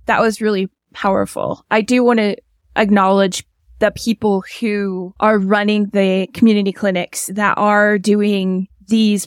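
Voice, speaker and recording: A woman podcast host at a middle pitch who affirms her guest and moves on with direct questions. Her voice is recorded close and dry. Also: dry recording. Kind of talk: interview hosting.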